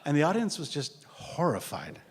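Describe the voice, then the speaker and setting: A man tells stories in a lively, animated way, jumping into the voices of the people he describes. His pitch swoops widely between phrases. A long hall reverb trails after every line. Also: moderate pace, slightly rough. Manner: animated, acts out quotes, laughs often. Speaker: storyteller sharing memories. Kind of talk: anecdotal storytelling.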